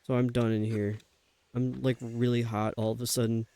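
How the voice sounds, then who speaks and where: Smooth-voiced man grumbling through live gameplay. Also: mid-range voice, level tone, normal speed, dark tone. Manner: talks to himself, grumbling and exasperated. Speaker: streamer.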